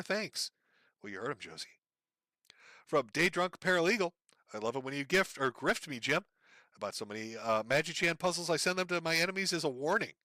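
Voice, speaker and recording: A man reading out donation messages on a casual livestream, sardonic and profane, with a deadpan delivery. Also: fairly high pitch, dry recording, clean studio sound.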